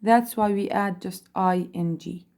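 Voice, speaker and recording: A woman teaching an English grammar lesson, speaking slowly, repeating words and spelling out letters. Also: mid-range voice, a little mellow. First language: Arabic. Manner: slow, repeats and spells out letters, switches into Arabic to explain.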